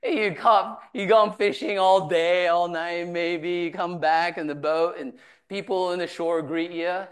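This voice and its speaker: A woman's voice: on the low side, fairly even intonation, unhurried, few pauses. A woman teaching from the Bible, reading verses aloud and retelling them in casual everyday talk. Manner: reads scripture then paraphrases it in casual voiced asides.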